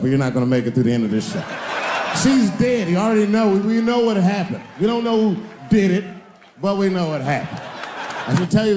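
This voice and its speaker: A man in his forties performs stand-up in a roomy live venue with a faint hum of ambience. His voice sits high for a man and swings up into shouted punchlines. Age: 40s. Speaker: stand-up comedian. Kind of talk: stand-up comedy. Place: comedy stage before a live audience.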